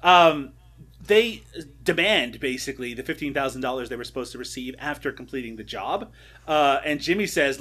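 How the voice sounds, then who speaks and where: A man's voice: mid-range voice, expressive, moderate pace, sharp tone. A man co-hosting a podcast, recapping a movie in a playful, teasing way and laughing often. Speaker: podcast co-host. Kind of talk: casual chat about a movie.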